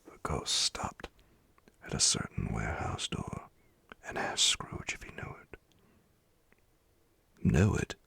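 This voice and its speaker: A man reading a classic tale aloud as a slow, whispered bedtime story in a whispered role-play. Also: extremely low pitch, sing-song, creaky, bright, forceful tone, slightly rough.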